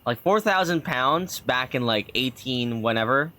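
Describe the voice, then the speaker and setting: A man's voice: mid-range voice, animated, a little slow, pushed and bright. A man streaming a game, chatting casually and rambling with lots of fillers. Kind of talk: casual gameplay commentary.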